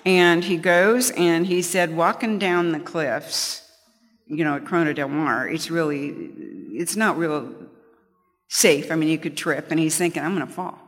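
A woman's voice: low voice, a little slow, big-room sound. A middle-aged woman giving a conversational Bible teaching, telling personal stories with chatty restarts. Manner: chatty storytelling, frequent restarts, light laughs.

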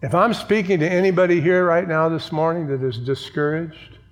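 A man's voice: a little high, fairly even intonation, normal speed. A male pastor preaching a sermon, emphatic, repeating key phrases and asking the congregation for an amen. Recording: long church reverb.

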